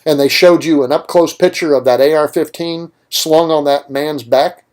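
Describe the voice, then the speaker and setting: A man's voice: a little high, fairly even intonation, normal speed. A man hosting a political talk radio show, delivering an opinionated monologue with emphatic points and rhetorical questions.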